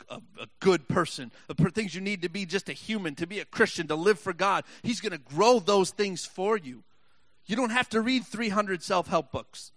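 A man with a slightly high voice preaches a sermon in a recording with no echo. He reads scripture slowly, jokes with the congregation, and builds to impassioned shouts.

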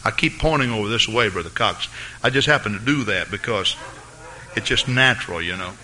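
A man preaching a fervent sermon as pastor of his church, rising to excited peaks. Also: lowish voice, brisk, slight background noise.

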